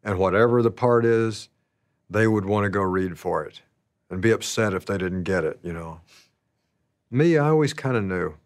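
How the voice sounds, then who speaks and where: A man telling stories about his past in a slow, rambling, casual way, laughing often. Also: on the low side, expressive, no echo, clean studio sound. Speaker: interviewee. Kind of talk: casual storytelling.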